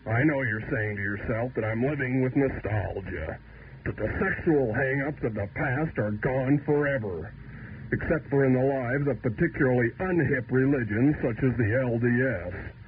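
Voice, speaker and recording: A man hosting a comedic radio show with a raspy voice, launching into a satirical, mock-outraged rant and then talking it over. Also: moderate pace, slight background noise. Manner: mock-outraged ranting, jumping between pitches. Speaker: radio host. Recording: tinny lo-fi 1970s radio broadcast recording.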